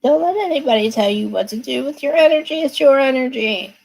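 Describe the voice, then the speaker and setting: A woman's voice: high-pitched, expressive, a little fast, creaky, darkish tone, husky, poor audio. A woman giving live tarot readings in a chatty, emphatic way, laughing often. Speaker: tarot reader.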